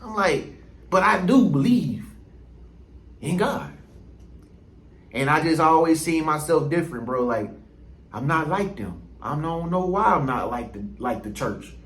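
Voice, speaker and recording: A man talks straight to his viewers in a loose, rambling vlog, full of restarts and quoted asides. His voice sits high for a man. The room around him rings with noticeable echo. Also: lively intonation, unhurried, pauses often, a bit bright. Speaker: vlogger. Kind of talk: casual monologue to camera.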